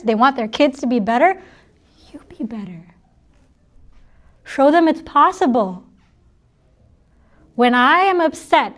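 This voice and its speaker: Laughing, chatty woman with a high voice. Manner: chatty, laughs often, jokes with the audience. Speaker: spiritual talk speaker. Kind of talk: informal spiritual talk to an audience.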